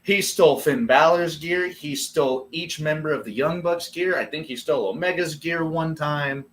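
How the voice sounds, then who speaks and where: A man co-hosting a casual wrestling podcast, animated and laughing easily, swearing casually. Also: on the high side, normal speed, slight background noise. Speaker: podcast co-host. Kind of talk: casual chat.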